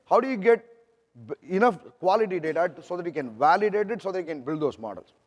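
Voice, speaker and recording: Speaking high, animated, and quick, a man with an Indian accent presents as a product manager at a conference. His talk is conversational, full of restarts and "right?" checks aimed at the audience, and the large hall gives a long echo.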